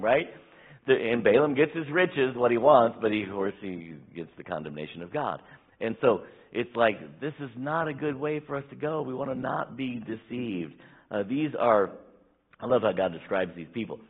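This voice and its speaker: A man preaching a sermon as pastor, swinging between emphatic raised bursts and quiet asides. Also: fairly low pitch, animated, moderate pace, breathy edge. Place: church sanctuary. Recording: tinny phone-like church recording.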